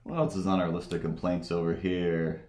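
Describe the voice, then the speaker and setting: A man's voice: low-pitched, level tone, normal speed, darkish tone. A man hosting a live drawing stream, chatting casually in a rambling way with many fillers and restarts. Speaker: livestream host.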